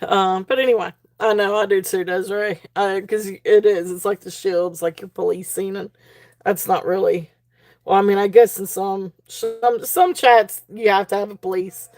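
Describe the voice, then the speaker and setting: A woman's voice: medium pitch, fairly even intonation, moderate pace, darkish tone. A woman hosting a live-stream jewelry auction in a chatty, rambling way, full of fillers and restarts as she reads the chat aloud. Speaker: livestream auction host.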